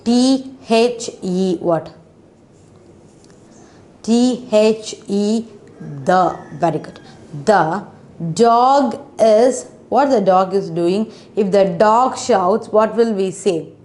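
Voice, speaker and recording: Slow-talking woman teaching children phonics. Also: mid-range voice, a little mellow. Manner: patient, spells letters out slowly, asks questions; frequent "isn't it?" and "okay" checks.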